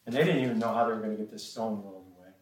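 A man's voice: on the low side, racing. A man preaching a sermon and reading scripture, often hesitating with repeated words and ums. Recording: echoey room from a distant mic.

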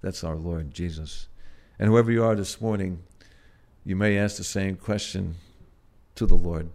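Soft-spoken preacher with a low voice. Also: male voice, steady tone. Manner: gentle, halting, with frequent "uh" and restarts; swells loud on key words, then drops soft. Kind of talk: sermon.

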